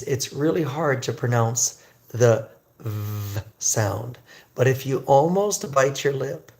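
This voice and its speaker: Slow, gravelly man teaching English. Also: mid-range voice, a little mellow. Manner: slow, drawn-out pronunciation drills; chatty, greets viewers. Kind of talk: livestream English lesson.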